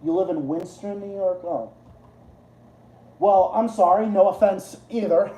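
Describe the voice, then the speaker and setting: A man hosting a live game stream, ranting in a loose, profane ramble full of restarts and repeats. His voice is dark and mellow, but it leaps sharply upward when he gets heated. The sound is roomy and echoey. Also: slow pace. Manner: excitable, jumps high in pitch when worked up. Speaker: livestream host. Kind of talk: casual ranting chat.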